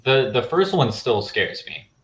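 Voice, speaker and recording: A man hosting a casual film podcast, talking in a relaxed way with many fillers. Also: mid-range voice, unhurried, muffled recording. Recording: echoey room.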